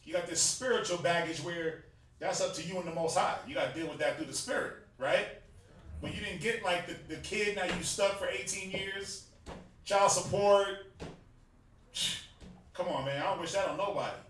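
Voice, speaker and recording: High-voiced Southern US man teaching in an echoey hall. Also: normal speed, fairly bright tone. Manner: joking, conversational, laughs often, uses slang. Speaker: teacher of a religious class. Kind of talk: casual sermon-style class teaching. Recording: echoey room, mic far off, faint hiss.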